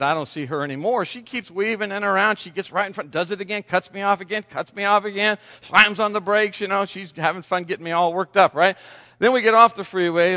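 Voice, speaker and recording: A man preaching a sermon, telling a personal story in an animated, self-mocking way. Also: high voice, long reverb tail, dull audio. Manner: animated storytelling, self-deprecating, laughs at himself. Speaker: pastor.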